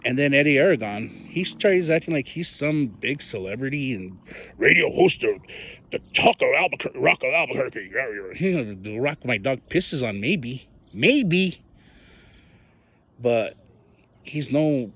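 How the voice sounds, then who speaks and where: Husky fired-up guy from northern new mexico ranting about local stuff, kinda muffled lo-fi audio. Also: medium pitch, animated, a little slow. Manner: heated, ranting, mocking voices of others. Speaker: local political commentator. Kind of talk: angry personal monologue.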